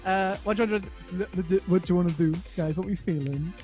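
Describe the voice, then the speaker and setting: Fast-talking chatty male gamer. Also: high-pitched, darkish tone, soft background music. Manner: quick, chatty, teasing. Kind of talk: casual gaming chat.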